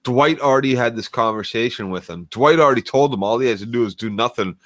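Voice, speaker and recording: A man's voice: medium pitch, fast, dry recording. A man, a little drunk, ranting bluntly as a guest in a casual podcast chat.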